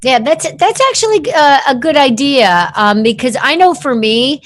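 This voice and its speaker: A woman's voice: high-pitched, expressive, normal speed, slight background noise. A woman hosting an interview, asking supportive, probing follow-up questions. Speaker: interview host. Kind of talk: interview conversation.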